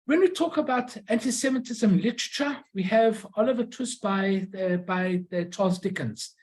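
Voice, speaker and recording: This is an informal illustrated talk about an old collection, delivered by a presenter at an ordinary, middle pitch. The speech is halting, full of restarts and on-the-spot corrections, as each item is shown and explained. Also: a little mellow, poor audio. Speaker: presenter showing a collection of stamps and postcards.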